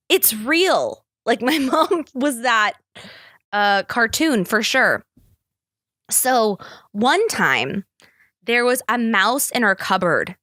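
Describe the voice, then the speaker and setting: A woman's voice: medium pitch, fairly bright tone, no room sound, clean studio sound. A young woman hosting a podcast, telling stories casually, swearing freely and acting out quotes in squealing voices. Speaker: podcast host. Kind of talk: casual storytelling monologue.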